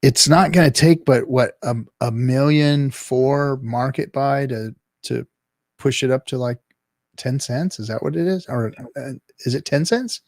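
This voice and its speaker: A man hosting a casual live-stream chat show, talking in a rambling, halting way with many restarts. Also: mid-range voice, darkish tone, no room sound, clean studio sound. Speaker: podcast host.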